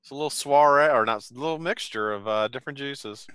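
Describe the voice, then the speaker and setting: A man's voice: medium pitch, fast. A laid-back man chatting easily as a panel guest. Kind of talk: casual panel chat. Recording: crowd murmur in the room.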